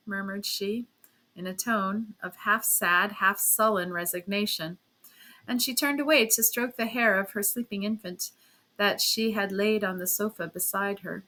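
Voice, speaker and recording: Brief: female audiobook narrator, measured storytelling, bright tone. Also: mid-range voice. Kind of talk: audiobook reading of a classic novel.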